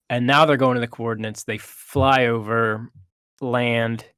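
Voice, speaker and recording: A man's voice: mid-range voice, fairly bright tone, clear, resonant tone, no room sound, studio quality. A man co-hosting a casual movie review chat, retelling the plot with hesitations and restarts.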